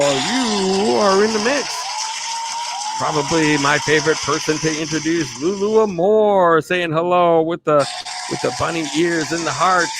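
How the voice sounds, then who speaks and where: A man hosting a live stream, greeting viewers by name in an upbeat, chatty way and laughing often. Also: on the high side. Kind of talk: casual live stream shout-outs.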